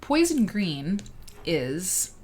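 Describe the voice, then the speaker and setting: A woman's voice: lowish voice, very animated, very slow, a little mellow, a little hiss or hum. A woman hosting a casual livestream, chatting in a rambling, self-interrupting way and greeting viewers by name. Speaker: livestream host.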